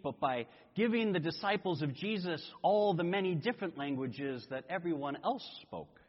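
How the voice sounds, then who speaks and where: A man preaching a sermon, telling a story in an animated way and acting out voices. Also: high voice, breathy edge. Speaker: pastor. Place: church sanctuary. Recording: echoey hall, dull lo-fi sound.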